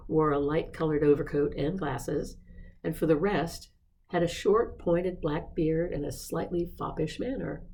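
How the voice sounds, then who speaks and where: Low-voiced woman reading a novel. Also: dark tone, poor audio. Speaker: staff member reading aloud. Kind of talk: audiobook-style story reading.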